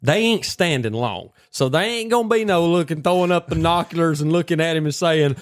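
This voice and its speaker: A man telling a hunting story in a casual, animated way, full of folksy slang. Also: fairly high pitch, a little fast, few pauses, dry recording.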